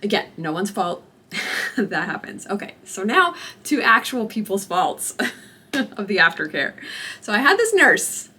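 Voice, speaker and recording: Bright-voiced young woman telling a story. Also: mid-range voice, unhurried, slightly rough. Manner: animated, expressive retelling with acted-out quotes and laughter. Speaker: vlogger. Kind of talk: candid storytelling to camera.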